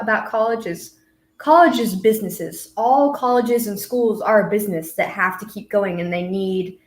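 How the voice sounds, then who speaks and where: A woman guest on a casual podcast, talking hesitantly with fillers and restarts. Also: a little high. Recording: roomy echo.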